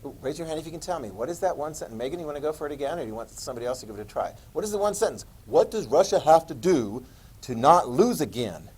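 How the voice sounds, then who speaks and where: A man teaching history in a classroom, his voice sitting a bit high as he fires questions at the students, throws in jokes, and keeps the lecture animated and moving. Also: fast, breathy edge, rough recording. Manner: animated, quizzing students, joking asides.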